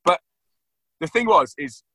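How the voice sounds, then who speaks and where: A man's voice: high-pitched, lively intonation, a little slow, fairly bright tone, slightly rough, no room sound. A man, a guest speaker on a video call, telling stories with earnest, preaching enthusiasm. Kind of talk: animated storytelling on a video call.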